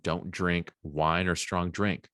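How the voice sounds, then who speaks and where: Deep-voiced man retelling a story. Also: takes it slowly, no echo, studio quality. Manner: animated retelling with acted-out quotes. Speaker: podcast co-host. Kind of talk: casual Bible discussion.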